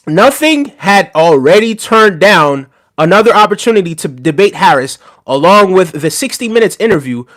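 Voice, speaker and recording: A man's voice: a little high, fairly bright tone. A man casually chatting on a live stream about politics, mocking and talking straight to his viewers' messages. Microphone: desk microphone.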